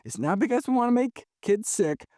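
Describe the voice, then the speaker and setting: Animated, high-pitched man with lively delivery. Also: a little fast, dry recording, studio quality. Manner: animated, emphatic, frequent "right?" and "you know". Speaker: physician guest. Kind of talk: conversational interview answers.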